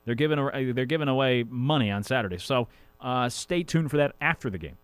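A man's voice: medium pitch, a little fast, smooth, no echo. A man hosting a sports radio show, talking casually with rambling jokey asides. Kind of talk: casual sports talk monologue.

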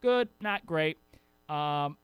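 A man's voice: a little high, expressive, very slow, a bit bright, clear, resonant tone, dry recording. A man hosting a sports talk show in a casual, rambling way, often correcting himself mid-sentence. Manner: chatty, rambling, self-correcting.

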